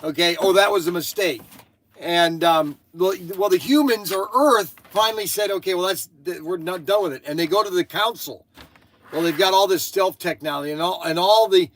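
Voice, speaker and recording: A man's voice: high voice, moderate pace, a bit bright, slight background noise. An older man hosting a casual chat, rambling and going off on tangents, sounding tired. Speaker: host.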